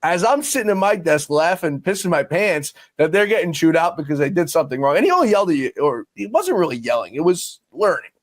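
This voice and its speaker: A man in casual chat, telling lively workplace stories and laughing often as he acts out quotes. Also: fairly high pitch, fast talker, few pauses, no room sound.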